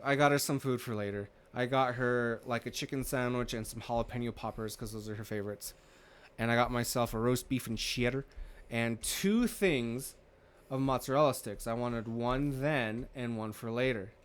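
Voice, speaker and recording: A man's voice: mid-range voice, normal speed, smooth. A man hosting a podcast, telling a rambling story in casual chat, swearing freely and acting out what people said. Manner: rambling, swears freely, acts out quoted dialogue. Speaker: podcast host.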